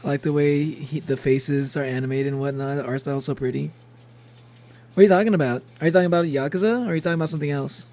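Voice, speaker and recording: Young male streamer, slightly high gravelly voice, rambly and giggly chat. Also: fairly even intonation, quick pace, darkish tone. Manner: rambling, laughs often, chatty. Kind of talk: casual gameplay streaming chat.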